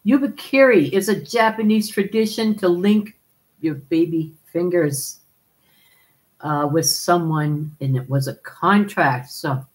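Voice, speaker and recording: A woman's voice: on the low side, poor audio. A woman hosting a live stream, chatting casually, laughing often and calling viewers darling as she reads their comments.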